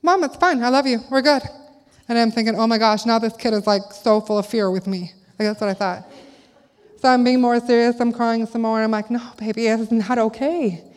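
A woman's voice: on the high side, a little fast. Woman preaching in a reverberant church hall. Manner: candid, animated storytelling, acts out her own lines. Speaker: speaker at a church service. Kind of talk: sermon with personal storytelling.

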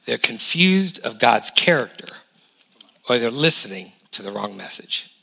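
A man in his forties preaching a lively sermon as a guest pastor, emphatic and full of rhetorical questions. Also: mid-range voice, unhurried, gravelly. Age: 40s.

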